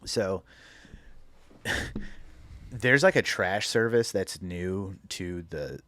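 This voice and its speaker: A young man with a fairly low voice tells animated stories in casual podcast chat, laughing often. The sound is dry and close, with no room around it. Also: very slow, dry recording. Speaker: podcast host.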